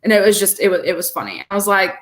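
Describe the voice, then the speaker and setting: A woman's voice: mid-range voice, very fast. A woman co-hosting a podcast, chatting casually and sarcastically about a college basketball game. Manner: animated, sarcastic, laughs often. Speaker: podcast co-host. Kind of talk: casual sports chat.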